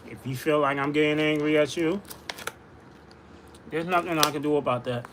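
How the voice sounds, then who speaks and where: A man's voice: on the high side, moderate pace, noisy background. A man insistently arguing his point in casual livestream talk, repeating himself. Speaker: livestream host.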